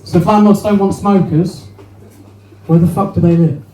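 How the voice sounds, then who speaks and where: High-voiced sweary comedian. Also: male voice, fairly even intonation, moderate pace, warm tone. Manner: brash, sweary, chatty with the crowd. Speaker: stand-up comedian. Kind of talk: stand-up comedy set. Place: small venue with a live audience. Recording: roomy, distant mic with faint noise.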